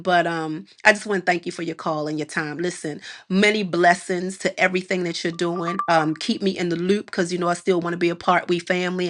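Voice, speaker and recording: A woman with a Baltimore accent hosting a radio show, talking in a quick, animated way and laughing often. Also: on the low side. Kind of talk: casual radio interview.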